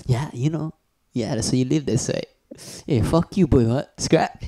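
A man's voice: medium pitch, a little slow, warm tone. A man playing a boastful, foul-mouthed martial-arts champion who taunts in broken English, as a comedy impression skit. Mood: boastful taunting.

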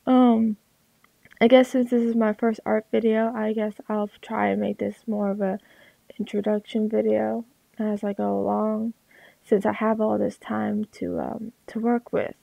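A young woman with a crackly, gravelly voice, rambling casually with lots of fillers and restarts about her art, into a headset at home. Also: medium pitch, little pitch movement, slow, warm tone, no echo, dull audio. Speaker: artist vlogger. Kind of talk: rambling casual talk over a drawing.

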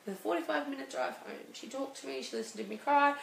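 Woman guest, thirties, gravelly, echoey studio, halting personal story. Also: high voice. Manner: halting and emotional, many restarts. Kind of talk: personal interview. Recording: roomy studio with faint hiss.

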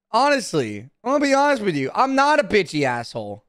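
A man's voice: high-pitched, huge pitch swings, quick pace, fairly bright tone, no room sound, clean studio sound. A young man streaming casually, talking to his chat in a brash, profane, defensive way.

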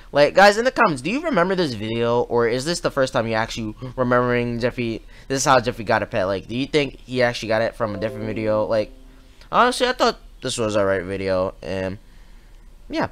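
A man giving casual reaction commentary on a video, talking haltingly with repeated words and many fillers. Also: mid-range voice, a bit bright. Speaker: YouTube reactor.

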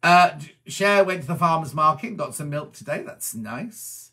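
A middle-aged man from Wiltshire in England, chatting as a presenter as he reads out viewer messages and answers each one with quick asides. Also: a little high, lively intonation, sharp tone. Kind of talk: casual chat reading viewer comments.

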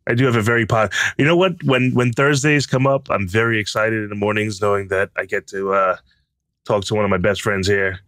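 A man co-hosting a casual podcast, upbeat and teasing with warm enthusiasm. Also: fairly low pitch, fairly even intonation, a little fast, no echo, clean studio sound. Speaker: podcast co-host. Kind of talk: casual conversational podcast chat.

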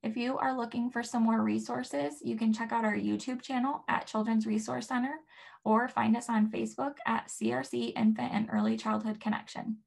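A woman educator explaining to parents, in a gentle way, how to soothe upset babies. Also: steady tone, normal speed, vocal fry. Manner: gentle, models soothing words to a baby in a soft higher voice. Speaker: early childhood educator. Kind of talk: instructional talk to parents.

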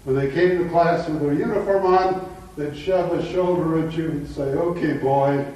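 A man's voice: a little high, moderate pace, a little mellow. An older man lecturing to a live audience in an emphatic teaching manner, telling anecdotes. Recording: echoey hall, mic far off.

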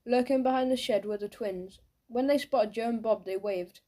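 Warm-toned woman narrating a children's story. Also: fairly high pitch, normal speed. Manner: lively storytelling, voicing each character. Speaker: audiobook narrator.

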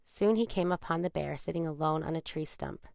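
A woman calmly narrating a children's picture book read aloud. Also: sits low, gravelly, no room sound, clean studio sound. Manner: calm, measured. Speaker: storyteller.

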